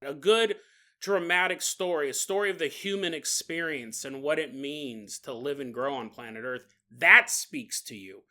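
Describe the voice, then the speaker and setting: A man's voice: fairly high pitch, moderate pace, pushed and bright. A man hosting a podcast alone, talking casually and playfully, often laughing at his own jokes. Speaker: podcast host. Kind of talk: casual monologue.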